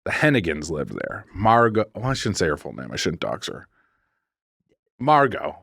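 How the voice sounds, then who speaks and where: Male podcast co-host, deep voice, dry close sound, rambling jokey storyteller. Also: wildly swooping pitch, normal speed, vocal fry, fairly bright tone, no echo. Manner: rambling, self-correcting, jokey. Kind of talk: casual storytelling. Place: podcast studio.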